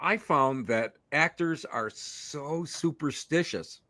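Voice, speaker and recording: A man hosting a casual interview, offering reflective thoughts in a relaxed, agreeable way. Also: on the high side, slow pace, no echo, clean studio sound. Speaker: podcast host.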